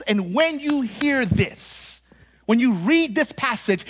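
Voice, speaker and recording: A man with an American accent preaching a sermon, animated and conversational, with joking asides and acted-out quotes. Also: very high-pitched, takes it slowly, husky.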